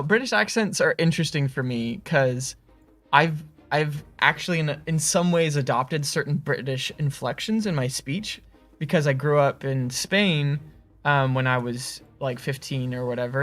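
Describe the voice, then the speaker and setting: A man's voice: medium pitch, a bit bright. A young man hosting a casual livestream chat, talking loosely with lots of fillers and playful laughs. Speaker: livestream host.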